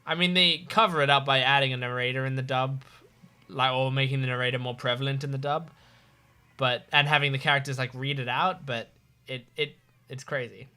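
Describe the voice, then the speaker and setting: A man's voice: medium pitch, fairly even intonation, fairly quick, bright, forceful tone, smooth. A man hosting an anime reaction video, chatting casually, rambling and correcting himself, hiccuping as he talks. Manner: rambling, self-correcting, laughs often.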